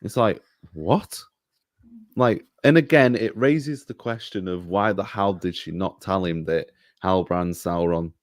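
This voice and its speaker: A man's voice: deep voice, a little slow, hardly any pauses, no echo, studio quality. A man in a casual review chat, critical and exasperated. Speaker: co-host reviewer.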